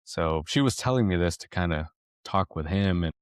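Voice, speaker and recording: A man's voice: low-pitched, animated, normal speed, smooth, dry recording, studio quality. A man co-hosting a parenting podcast, telling a personal story in a rambling, reflective way with many restarts. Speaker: podcast co-host. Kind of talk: casual storytelling chat.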